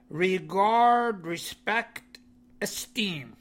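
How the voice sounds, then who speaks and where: A man teaching vocabulary. He says each word, then explains its meaning in plain, halting English with many "you know"s. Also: on the high side, pushed and bright. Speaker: language teacher.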